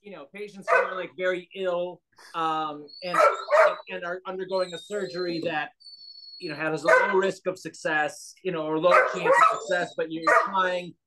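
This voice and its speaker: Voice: medium pitch, fairly even intonation, normal speed. A medical professional on a panel gives an unscripted answer in a hesitant way, full of fillers and restarts. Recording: loud background noise with dog barking.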